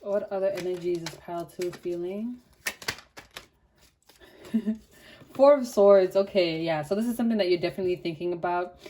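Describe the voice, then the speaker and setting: A young woman reads tarot cards in a loose, slangy, chatty way, leaning on fillers as she goes. Her voice is mellow and warm and sits a little low. She talks to viewers like friends. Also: normal speed, pauses often, slight background noise. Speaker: tarot reader. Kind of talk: casual tarot reading.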